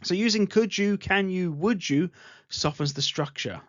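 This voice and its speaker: In a dry, dull lo-fi recording, an English teacher with a mid-range, fairly bright voice speaks at normal speed. She patiently gives an online grammar lesson, repeating the example sentences.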